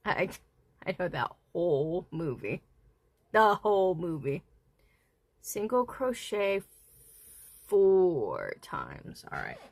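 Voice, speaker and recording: A woman hosting a casual crochet livestream, counting stitches softly under her breath and chatting with viewers. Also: fairly low pitch, huge pitch swings, slow pace, vocal fry, pauses often, no echo. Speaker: livestream host.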